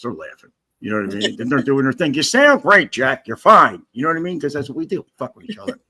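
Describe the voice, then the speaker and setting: A man's voice: medium pitch, breathy edge. A man chatting as a guest on a livestream, profane and joking, rambling through stories. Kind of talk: casual livestream chat.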